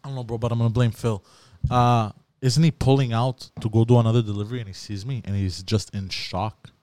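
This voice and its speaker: A man telling a story in casual podcast chat, animated, swearing, and saying bro a lot. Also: medium pitch, brisk, dry recording.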